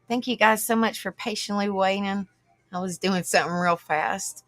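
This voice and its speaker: A woman's voice: medium pitch, fairly even intonation, normal speed, no echo. A woman hosting a casual livestream, greeting viewers by name and chatting. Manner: warm greetings to viewers, calling them honey and sister, laughing often. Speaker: livestream host.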